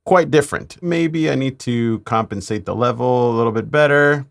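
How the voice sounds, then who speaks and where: A man, a mix engineer, talking through a mixing tutorial in a relaxed way with playful asides. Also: medium pitch, moderate pace, creaky.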